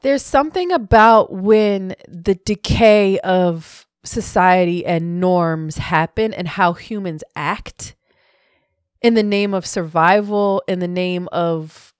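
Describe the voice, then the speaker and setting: A woman co-hosts a podcast in casual chat, animated, musing and jokey. Her pitch sits in the middle. The sound is dry and close. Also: clear, resonant tone, no echo. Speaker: podcast co-host.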